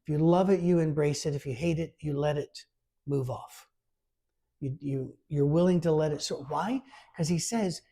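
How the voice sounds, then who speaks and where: A man preaching a conversational sermon, informal and lively, reading scripture aloud with emphasis. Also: on the high side, fairly quick, breathy edge. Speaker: pastor.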